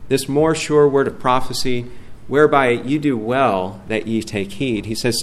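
A man's voice: medium pitch, steady tone, measured pace, few pauses. A middle-aged man preaching a sermon as a guest pastor, reading scripture out with rising force.

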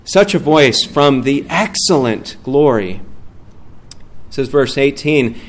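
Man, middle-aged, sermon preaching, earnest, mid-pitched voice. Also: very animated, a little slow. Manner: earnest preaching, rising loud on scripture readings. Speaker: guest preacher.

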